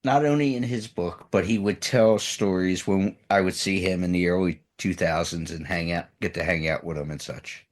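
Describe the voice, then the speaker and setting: A man hosts a relaxed interview in a very low voice, chatting loosely and laughing along. He tells his own stories in an easy, conversational way. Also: moderate pace, few pauses. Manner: laid-back, chuckling, chatty asides. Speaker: podcast host. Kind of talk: casual chat.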